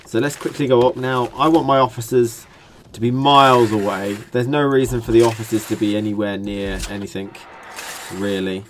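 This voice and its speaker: A young British man chats his way through a building game, thinking aloud and joking as he goes. His voice sits at an ordinary middle pitch, with a faint hiss behind it. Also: normal speed. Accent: British English. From Britain. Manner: rambling, jokey, thinks aloud while building. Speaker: gaming channel host. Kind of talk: casual let's-play commentary.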